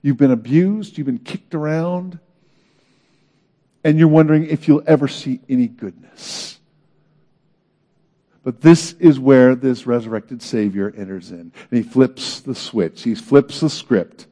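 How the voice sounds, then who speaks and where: A man preaching a sermon in an earnest, dramatic way, swinging between loud emphasis and hushed moments. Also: medium pitch, a little slow. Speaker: pastor.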